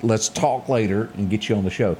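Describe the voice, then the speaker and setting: A man co-hosting a casual morning show and reading local headlines, animated and prone to singing snippets of lyrics. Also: fairly low pitch, fairly quick, slight background noise.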